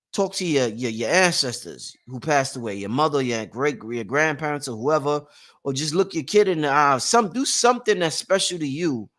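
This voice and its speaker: A man hosting a casual motivational livestream, rambling and repetitive, with slang and shout-outs to his viewers. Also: sits high. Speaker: livestream host.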